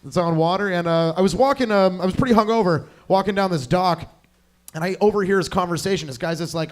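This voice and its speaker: Young man, high voice, crude rambling stand-up, club stage mic. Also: fast talker. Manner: crude, rambling, self-mocking, chatty with the crowd. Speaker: stand-up comedian. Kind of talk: stand-up comedy set.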